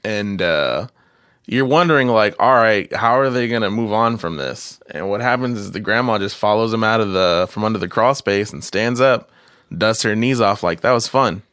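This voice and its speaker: A young man co-hosting a casual movie podcast, animated and quick to laugh and swear. His voice sits on the low side, and the recording is dry and close with no room sound. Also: clean tone, no echo. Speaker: podcast co-host.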